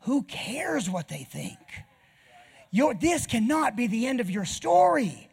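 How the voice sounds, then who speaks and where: A man's voice: extremely high pitch, very animated, slow, creaky, a little mellow, breathy edge. A man preaching an earnest personal testimony sermon in a church, speaking straight to his listeners. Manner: earnest, personal storytelling with direct appeals to listeners.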